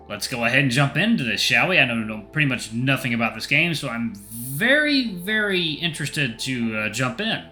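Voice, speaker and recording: Man, let's play host, chatty and bright, lively delivery, soft game music underneath. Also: medium pitch. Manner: chatty, enthusiastic. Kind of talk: visual novel let's play, reading aloud.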